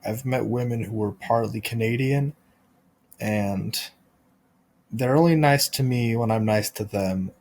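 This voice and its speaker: A man hosting a podcast, delivering a rambling deadpan comic monologue full of restarts and absurd tangents. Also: medium pitch, measured pace, slight background noise. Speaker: podcast host.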